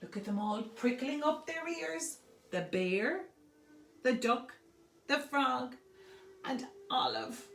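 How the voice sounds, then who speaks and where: A woman's voice: sits high, lively intonation, creaky, fairly bright tone, roomy sound, far from the mic, slight background noise. A woman reading a picture book aloud to preschool children, asking them questions and praising their answers. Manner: slow, sing-song, asks children questions and praises them.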